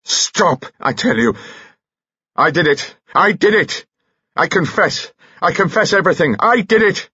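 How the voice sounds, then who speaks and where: A man voicing an agitated, volatile older aristocrat who shouts in an audiobook. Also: fairly low pitch, lively intonation, brisk, breathy edge, dry recording, lo-fi sound, voice pushed up, exaggerated voice. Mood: frantic.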